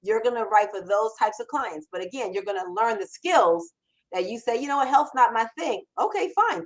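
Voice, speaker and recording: A woman with a slightly high voice runs a live Q&A as a copywriting mentor and show host. She's emphatic and conversational, restarting often, and the recording quality is low.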